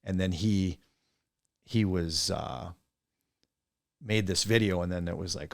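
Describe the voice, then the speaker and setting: A man's voice: deep voice, takes it slowly, creaky, long pauses, no echo, studio quality. A middle-aged man from Wisconsin, a coach and teacher, telling rambling stories as a guest in a casual podcast interview. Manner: rambling, animated storyteller who mimics friends.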